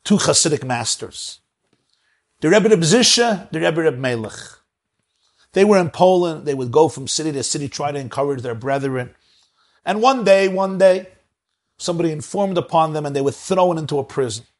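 A man gives an emphatic storytelling sermon as a spiritual teacher, stacking up phrase after phrase. His voice is gravelly and husky, a little high for a man. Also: lively intonation, fairly quick. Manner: emphatic, piles up repeated phrases.

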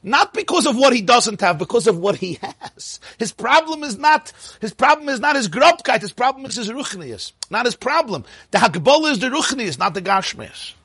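A man's voice: very high-pitched, sing-song, normal speed, hardly any pauses, bright, forceful tone, breathy edge, dry recording, studio quality. A man giving a spoken Torah lecture, emphatic and repeating phrases for stress. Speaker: teacher of a religious class.

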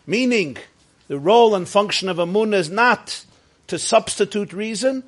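A man's voice: high-pitched, animated, moderate pace, a bit bright. Emphatic man teaching a Jewish faith class. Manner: emphatic, repetitive, builds phrase on phrase.

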